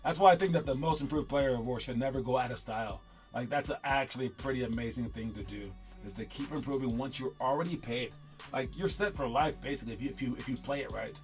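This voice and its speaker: A man's voice: medium pitch, fast, soft background music. A man coaching young basketball players in casual, rambling talk that often repeats itself. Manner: rambling, upbeat, repeats himself.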